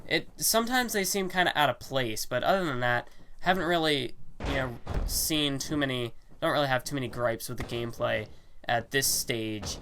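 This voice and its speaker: A man's voice: medium pitch, normal speed, a bit bright, a little hiss or hum. A young man giving casual, rambling commentary on a wrestling video game, full of fillers and self-corrections. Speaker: gaming channel host. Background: game music.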